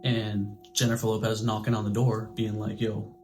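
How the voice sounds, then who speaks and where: Animated man reviewing a movie. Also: fairly low pitch, soft background music. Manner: animated, acts out characters' lines in quick impressions; conversational, swears casually.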